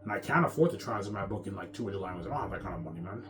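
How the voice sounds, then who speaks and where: A man's voice: low voice, lively intonation, very fast, background noise. A man in a rambling, repetitive monologue, boastful and profane, talking straight to his audience. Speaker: vlogger. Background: music.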